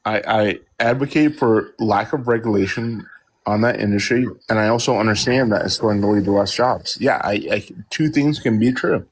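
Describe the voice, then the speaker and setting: A man's voice: on the low side, normal speed, slightly rough, low-quality recording. A man who is a guest on a political live stream, defensive and stammering as he pushes back.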